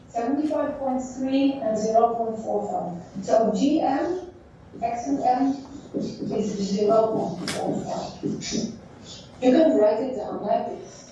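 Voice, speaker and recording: A woman teacher giving a classroom lecture, thinking aloud in halting phrases while she draws on a board. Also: a little high, dark tone, slight background noise. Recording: echoey dull room sound from far off.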